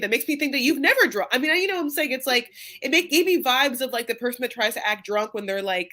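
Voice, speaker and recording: A woman's voice: on the high side, sing-song, quick pace, hardly any pauses, pushed and bright. A woman co-hosting a casual podcast, chatting and rambling with lots of fillers and restarts. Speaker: podcast co-host recapping a reality show. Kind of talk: casual chat.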